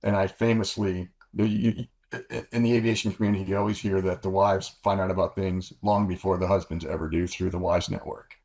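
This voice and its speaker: An older man with a deep, husky voice tells stories as an interview guest. He rambles and corrects himself often as he works through each anecdote. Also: little pitch movement, brisk, a little mellow. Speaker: guest, former fighter pilot. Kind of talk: storytelling interview.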